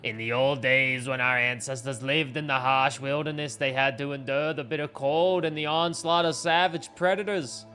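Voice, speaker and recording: A man voicing a village shaman who tells a legend slowly and solemnly, like a sermon. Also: medium pitch, fairly even intonation, pushed and bright, faint music behind, lightly acted.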